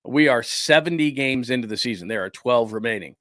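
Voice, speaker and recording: Animated male sports talk host, dry sound. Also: medium pitch, brisk, no room sound. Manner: animated, indignant ranting with laughs. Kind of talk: casual talk show commentary. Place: studio.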